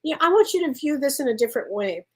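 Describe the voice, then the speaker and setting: A woman's voice: high voice, very animated, fast talker. A woman working as a spiritual medium, answering viewer questions on a live stream in an effusive way and calling people honey. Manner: warm, effusive, laughs often, calls people honey.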